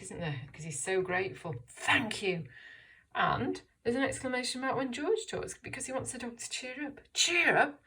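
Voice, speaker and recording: A woman teacher giving an encouraging, expressive reading lesson to young children, asking them questions about the story. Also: mid-range voice. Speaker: primary school teacher.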